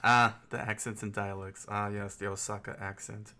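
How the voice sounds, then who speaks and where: A man's voice: on the low side, little pitch movement, moderate pace, sharp tone. A man hosting a casual study stream, thinking aloud as he sounds out phrases and chuckles often. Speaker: host studying Japanese.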